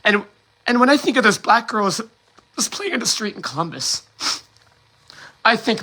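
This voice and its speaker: A man's voice: sits high, animated, normal speed, pauses often, pushed and bright. A man from the United States hosting a solo monologue, impassioned and rambling, swearing often and restarting his sentences. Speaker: host.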